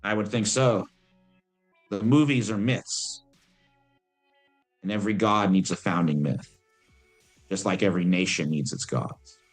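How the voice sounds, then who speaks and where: A man voicing Lilith, an ancient female demon who is calm and worldly, speaking in a measured, musing way. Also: deep voice, faint music behind.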